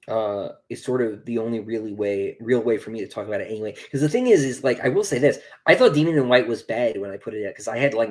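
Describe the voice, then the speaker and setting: On a livestream, a young man who writes books talks informally in a medium-pitched, slightly mellow voice. He reads out questions from viewers and meanders through his replies, often saying um and starting over.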